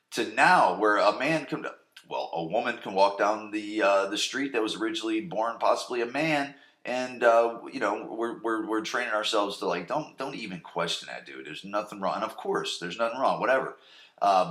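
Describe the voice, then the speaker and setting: A young adult man hosting a podcast, recapping an episode in a rambling, profane, animated way. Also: on the low side. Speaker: podcast host. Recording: roomy echo.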